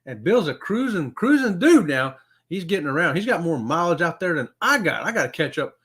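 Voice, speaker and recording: A man's voice: fairly high pitch, sing-song, normal speed, fairly bright tone, husky. A middle-aged man hosts a casual livestream, reading out viewer comments in a folksy, upbeat way and chuckling often. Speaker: livestream host.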